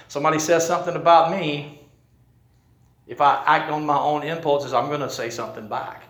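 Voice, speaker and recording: A man's voice: fairly high pitch, fairly even intonation, a little fast, a bit bright. A man preaching a sermon as pastor, telling a story in a conversational way. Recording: roomy echo.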